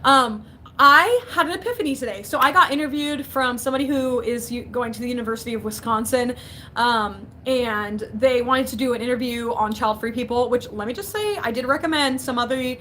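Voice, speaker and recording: A woman's voice: on the high side, a little fast, sharp tone, a little hiss or hum. A young woman in casual livestream chat from her basement, chatty and giggly, reading out viewers' comments. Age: young adult. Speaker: vlogger.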